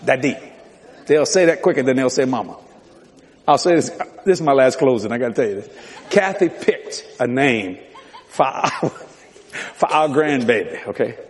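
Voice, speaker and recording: A man's voice: mid-range voice, animated, moderate pace, pauses often, slightly rough. An older man preaching a sermon, telling folksy stories with laughter and mimicry. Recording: long hall reverb.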